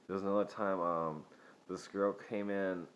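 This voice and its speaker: Young male vlogger, very low voice, casual profane storyteller, muffled lo-fi audio. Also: level tone, normal speed, a little hiss or hum. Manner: profane, rambling, laughs often. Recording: dull lo-fi sound.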